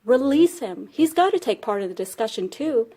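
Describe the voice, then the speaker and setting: A woman reading aloud, voicing a quick, clever male rabbit who is a trickster in a storybook tale. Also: fairly high pitch, animated, mellow. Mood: brisk.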